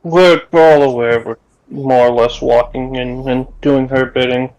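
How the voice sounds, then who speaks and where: A man's voice: medium pitch, steady tone, measured pace, a little mellow, muffled recording. A man chatting as a player in an online tabletop game, speaking in a dry, matter-of-fact way. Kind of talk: casual tabletop game chat.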